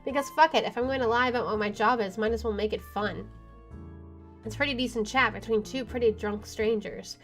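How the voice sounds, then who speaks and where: A woman's voice: a little high, a little fast, fairly bright tone. A woman streamer reading a visual novel aloud, with wry asides and swearing. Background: game music.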